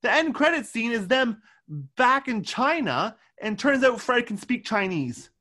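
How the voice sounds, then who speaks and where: Man, podcast co-host, casual movie chat, exasperated, very lively pitch. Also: a little slow. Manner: exasperated, animated, swears when riled.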